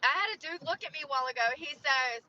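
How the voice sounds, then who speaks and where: A young woman with a high, sharp, bright voice rants heatedly about her night at work, swearing constantly. The clip sounds dull and lo-fi, with faint noise behind her. She speaks from inside a vehicle. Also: expressive, fast, recorded from a distance. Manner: heated, profane, venting. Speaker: strip club dancer. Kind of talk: angry rant on camera.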